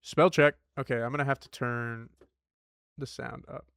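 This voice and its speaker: A man's voice: mid-range voice, fairly even intonation, normal speed, creaky, fairly bright tone, no echo, studio quality. A young man streaming a puzzle game from home, rambling and joking in slangy casual chat. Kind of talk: casual live-stream chatter.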